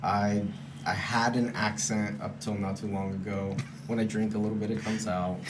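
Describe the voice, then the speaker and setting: A man's voice: fairly low pitch, level tone, normal speed, background noise. A man from Romania, a comedian, telling a story in a casual interview, laughing often. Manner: laughing storyteller, self-deprecating. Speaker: comedian guest.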